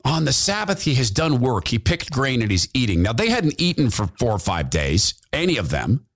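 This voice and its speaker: A man's voice: mid-range voice, sing-song, normal speed, gravelly. A man hosting a talk podcast, delivering an impassioned opinion monologue and repeating phrases for emphasis. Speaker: podcast host, former radio host.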